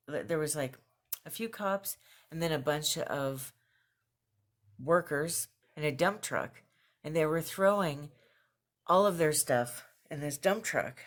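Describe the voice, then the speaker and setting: Chatty woman telling a road trip story. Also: low-pitched. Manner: chatty, animated when quoting herself, laughs between phrases. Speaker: vlogger. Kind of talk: casual video journal storytelling. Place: at home with her cat nearby.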